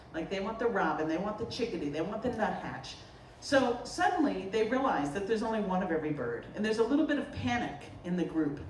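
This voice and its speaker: Woman, from Boston, artist talk, joking storyteller, lively pitch, roomy echo, distant mic. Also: a little hiss or hum. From Boston area, US. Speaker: potter giving an artist talk. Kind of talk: humorous public artist talk. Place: lecture room at a festival.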